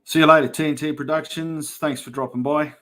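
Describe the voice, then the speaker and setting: A man's voice: fairly high pitch, steady tone, brisk, a bit bright. A middle-aged Australian man hosting a livestream, chatting casually with viewers and telling stories in a yarning way. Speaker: livestream host. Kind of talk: casual livestream chat reading comments.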